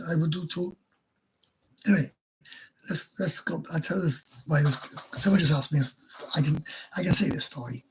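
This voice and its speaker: A man's voice: on the high side, creaky, slightly rough, rough recording. A Welsh man telling a crude, blunt story on a live stream, swearing heavily.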